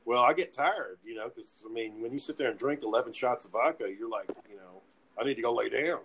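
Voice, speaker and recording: A man holds the floor with a rowdy, profanity-laced story among friends. His voice sits at an ordinary middle pitch, and he acts out every quote. A faint hum of background noise runs under the talk. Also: fairly quick, rough recording. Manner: profane, animated retelling with acted-out quotes. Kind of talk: casual storytelling chat.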